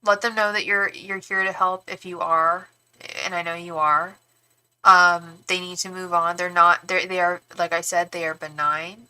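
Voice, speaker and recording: A woman's voice: on the low side, flat delivery, moderate pace, bright, forceful tone, clear, resonant tone. A young woman reading tarot live, talking in a rambling, frank way with casual swearing and many restarts. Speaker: tarot reader and psychic medium.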